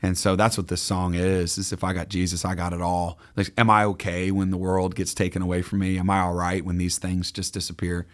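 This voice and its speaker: A man guest musician chatting in a casual radio interview, excitable and devout, with lots of restarts and fillers. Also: low-pitched, a little fast, few pauses. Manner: devout, says praise phrases.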